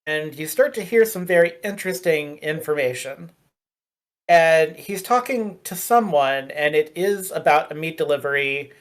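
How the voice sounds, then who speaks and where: A game master who narrates a tabletop game casually and haltingly, filling pauses with uhs and ums. The voice sits at a medium pitch, neither high nor low. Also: a bit bright. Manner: casual, halting, many fillers.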